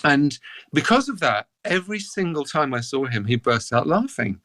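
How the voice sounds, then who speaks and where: English man telling animated stories. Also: a little high, normal speed, no echo. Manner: animated anecdotes, breaks into laughter. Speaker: guest cellist. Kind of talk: storytelling in a podcast interview.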